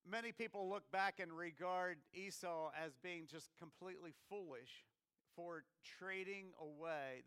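Bright-voiced American preacher. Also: male voice, a little high, clear, resonant tone, no echo. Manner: conversational, many restarts, questions to the congregation. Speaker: pastor. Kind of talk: sermon.

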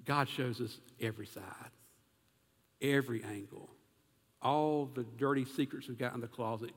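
A man preaching an animated sermon as pastor, asking his congregation questions as he goes. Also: mid-range voice, big-room sound.

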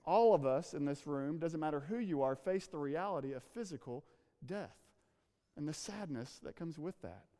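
A man with a high voice preaching an earnest sermon, drawing out words and sinking to a near hush to press a point. The sound rings out in a big hall with a long reverb tail. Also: expressive. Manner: earnest, slows and drops to a hush for emphasis. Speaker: pastor. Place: church room with a congregation.

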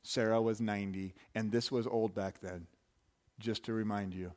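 A man's voice: fairly low pitch, fairly even intonation, moderate pace, darkish tone. A man preaching a sermon in a loose, conversational way, full of asides and restarts. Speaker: pastor.

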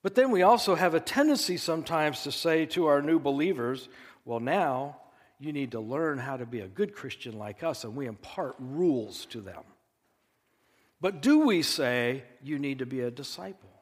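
An earnest male pastor delivers a sermon, leaning hard on his key phrases. His voice sits a little high for a man. A long reverb trails each line, as in a large church hall. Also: lively intonation. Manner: earnest, emphatic preaching with slow stressed phrases.

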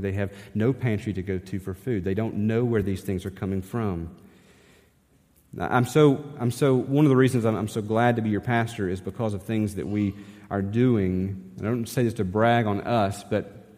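A pastor with a lowish, mellow voice preaches a sermon in a conversational style, often putting rhetorical questions to the congregation. The church sanctuary gives the recording a long hall reverb.

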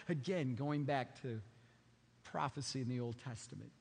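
A man preaching a sermon as pastor, emphatic, swinging widely between loud and hushed. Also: moderate pace, creaky, breathy edge, long reverb tail. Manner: emphatic, sweeping swings in pitch and loudness.

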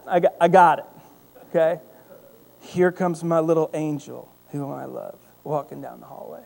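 A man preaching a sermon, telling a family story with lively acted-out voices. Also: a little high, normal speed, vocal fry. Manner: animated storytelling, acting out voices. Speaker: pastor.

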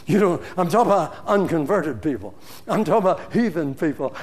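An older man preaching a sermon, telling a story with animated swings from loud to hushed. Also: a little high, fairly quick.

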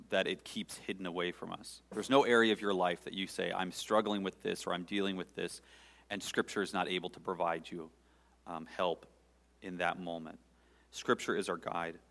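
Deep-voiced pastor in a reverberant hall. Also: male voice, fairly bright tone. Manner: earnest, pausing, conversational with the congregation. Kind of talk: sermon.

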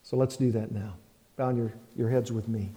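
A man preaching a sermon as pastor, slow and emphatic, repeating key phrases. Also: mid-range voice, fairly even intonation, mellow, big-room sound.

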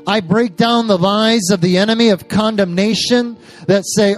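A man's voice: high voice, steady tone, moderate pace, soft background music. A man preaching an impassioned sermon and praying over a church service, with fervent, repeated declarations.

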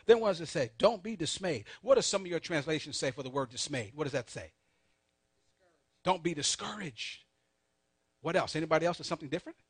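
A man preaching a sermon, calling on the congregation to answer back, swinging between soft asides and loud emphatic peaks. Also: on the high side, expressive, a little fast, breathy edge, no room sound. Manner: call-and-response preaching, urging the congregation. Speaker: pastor.

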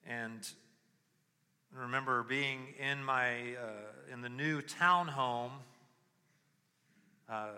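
A young adult man preaching a sermon with personal testimony, moving from quiet reflection to loud, impassioned pleading. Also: medium pitch, clear, resonant tone. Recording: long hall reverb.

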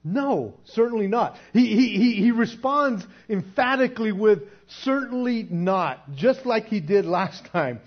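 A man's voice: high voice, expressive, unhurried, hardly any pauses. A man teaching a Bible lesson in a casual, conversational way, often repeating words as he works through a point. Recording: dull lo-fi recording.

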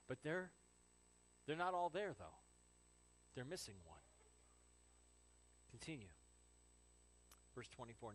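A male pastor preaching a sermon, telling the story animatedly, ranging from hushed to exclaiming. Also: mid-range voice, very animated, measured pace, pauses often, a little hiss or hum, low-quality recording.

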